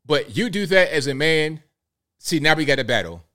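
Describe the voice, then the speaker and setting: A male host of a live commentary show, talking in an animated way and firing off rhetorical questions. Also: fairly high pitch, moderate pace.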